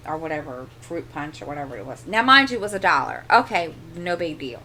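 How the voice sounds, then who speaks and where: A middle-aged woman with a fairly low voice talks casually into a desk microphone in her home craft corner. She rambles through an exasperated story and keeps doubling back with asides. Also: very animated, fairly quick, hardly any pauses, pushed and bright, a little hiss or hum. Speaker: crafting channel host. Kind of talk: casual chat.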